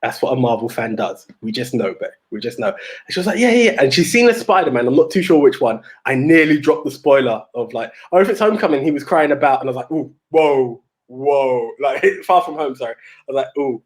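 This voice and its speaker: A young man co-hosting a podcast, telling stories in a rambling, animated way with many restarts. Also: mid-range voice, fairly quick. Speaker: podcast co-host. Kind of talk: casual chat.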